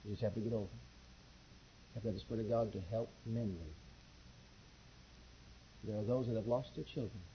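A male pastor preaching a sermon, telling his own testimony with lively storytelling and acting out the dialogue. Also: lowish voice, a little fast, pauses often, slight background noise. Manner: animated storytelling, acts out quoted dialogue. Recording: dull lo-fi recording.

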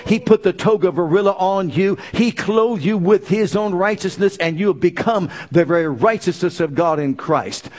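A man delivers a sermon, peppering the audience with rapid rhetorical questions. He rises to fervent exclamations, then drops to low, quiet lines.

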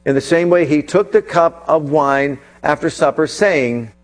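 A man with a fairly high voice delivers a sermon. He retells the story with dramatic flair and stretches key phrases slowly for weight. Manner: dramatic storytelling, slows for emphasis. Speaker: pastor.

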